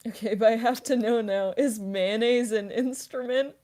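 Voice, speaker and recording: A woman's voice: a little high, normal speed, warm tone. A young woman streamer and voice actress answering chat questions casually, rambling with lots of fillers and giggles.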